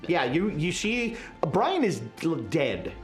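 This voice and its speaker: A woman game master narrates a horror tabletop game at a slow, deliberate pace, her lowish voice rising and falling with lively expression. Faint music sits behind her. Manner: unhurried, descriptive, often laughing.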